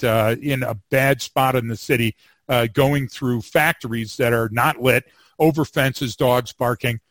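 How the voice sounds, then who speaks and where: A man's voice: mid-range voice, no room sound. Man telling a wry cop story. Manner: animated storyteller, wry humor, repeats words when starting. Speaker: podcast co-host, former police field training officer. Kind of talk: casual storytelling chat.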